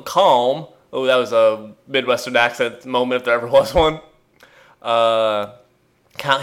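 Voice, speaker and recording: A man's voice: mid-range voice, fairly bright tone. Podcast co-host, male, casual rambling delivery with jokes and fillers, remote call mic. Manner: rambling, jokey, trails off with fillers. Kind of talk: casual chat.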